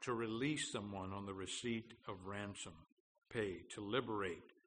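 A male pastor with a lowish, bright, forceful voice preaches earnestly, stumbling through fillers before pressing his points with emphasis. His voice rings with the long reverb of a large church, over a faint hum of background noise. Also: unhurried. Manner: earnest, with frequent fillers and restarts, rising to emphatic declarations. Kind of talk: sermon.

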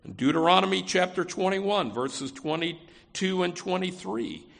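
Gravelly-voiced preaching man. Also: on the high side, moderate pace, a bit bright. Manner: conversational preaching with frequent "you know" and restarts. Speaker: pastor. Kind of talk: sermon.

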